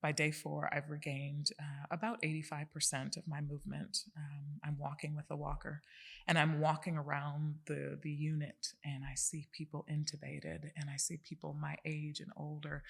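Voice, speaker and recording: A woman's voice: low voice, creaky, fairly bright tone. A woman in her forties, a podcast guest, telling a personal story in an earnest, emphatic way.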